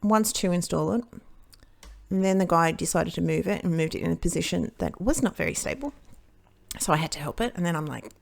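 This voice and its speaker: A woman's voice: lowish voice, animated, a little fast, vocal fry. An Australian woman chatting casually while she crafts, telling a long rambling story that keeps interrupting itself. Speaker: card-making crafter.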